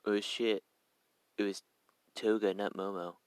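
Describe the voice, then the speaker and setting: A man's voice: on the low side, fairly even intonation, unhurried, clean tone, no echo. A young man casually narrating a fan story, rambling and correcting himself as he goes. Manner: rambling, self-correcting, swears.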